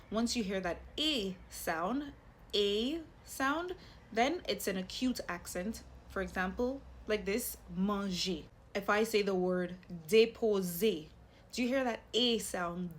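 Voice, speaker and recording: A woman's voice: medium pitch, a little hiss or hum. Woman patiently teaching pronunciation. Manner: patient, repeats sounds slowly and clearly for the listener. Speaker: language teacher. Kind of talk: explanatory language lesson.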